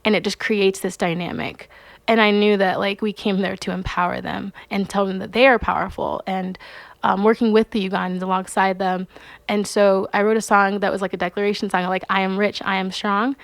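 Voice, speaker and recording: A young adult woman, a singer-songwriter and podcast guest, telling personal stories in a casual, animated way, acting out voices and saying "like" often. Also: medium pitch, a little fast, creaky, dry recording. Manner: animated, acts out quoted voices, frequent "like". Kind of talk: casual storytelling interview.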